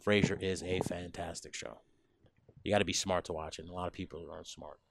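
A man's voice: sits low, steady tone, quick pace, vocal fry, noisy background. A man hosting a podcast, retelling stories in a rambling, profane, casual chat.

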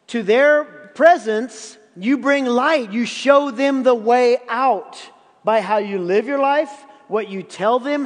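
A man's voice: extremely high pitch, in a large hall. A man in his fifties preaching a sermon as pastor, emphatic and often repeating words to drive a point home. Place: church sanctuary.

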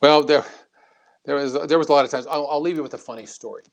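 A former congressman speaks as a guest in a talk interview. He tells anecdotes in a lively, chatty way, often restarting his sentences. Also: fairly high pitch, fast talker. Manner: anecdotal, animated, frequent restarts. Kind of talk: interview storytelling.

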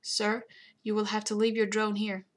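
A woman's voice: medium pitch, little pitch movement, moderate pace, close to an everyday voice. A flustered, groveling male clerk, voiced by a woman reading aloud, stammering and raising his voice in alarm. The melody stays narrow. A storybook side character. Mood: officious. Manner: loud, stammering apology.

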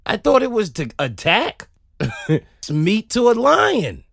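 Lively, laughing comic monologue man. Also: sits high, slow, gravelly, no room sound, clean studio sound. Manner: animated, laughing, profane storytelling. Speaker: podcast host. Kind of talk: comedic solo monologue. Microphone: close studio mic.

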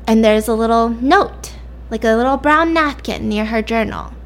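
Female storyteller, casual and animated, slightly high voice, faint noise behind. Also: moderate pace. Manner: animated, chatty, full of "like"s. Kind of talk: casual spoken fiction storytelling.

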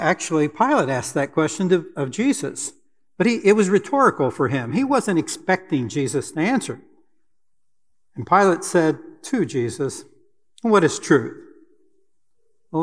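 An older man preaches a sermon in a fairly high voice, earnest and deliberate, pausing now and then with fillers. His voice carries a long reverb, as if heard in a church sanctuary. He speaks as a church elder addressing his congregation.

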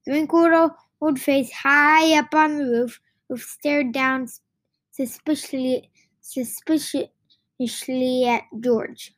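A woman reading a children's book aloud in a halting way, with many restarts and stumbles. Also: high-pitched, fairly even intonation, no echo. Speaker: reader.

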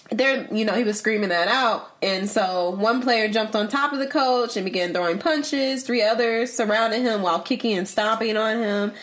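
Woman, podcast co-host; casual, rambling news recap, halting restarts. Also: medium pitch. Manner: animated, laughs often, trails off and repeats words. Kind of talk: casual chat, reading news.

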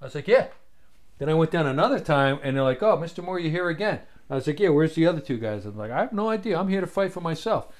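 A man telling an old story in casual chat, animated and acting out the voices of others, swearing freely. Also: fairly high pitch, fast talker.

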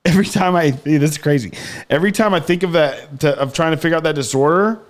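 A man's voice: on the high side, fast talker. A man co-hosting a podcast, telling rambling stories in casual chat with a lot of laughter. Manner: rambling, animated storytelling with laughter. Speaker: podcast co-host.

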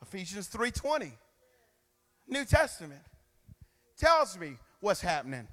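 A man preaching a sermon, calling on the congregation to repeat after him, swinging between loud emphatic bursts and quiet asides. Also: high-pitched, big pitch swings, moderate pace. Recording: long reverb of a large hall.

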